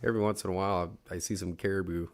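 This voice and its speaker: A man's voice: low-pitched, steady tone, very fast. A man who works as a fishing guide, chatting as a podcast guest in a laid-back, joking way. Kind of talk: casual chat. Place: studio.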